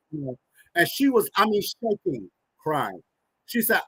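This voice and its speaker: A man in his thirties, a podcast guest, telling a personal story in an animated, emphatic way. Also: high-pitched, normal speed, husky, dry recording, rough recording. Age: 30s.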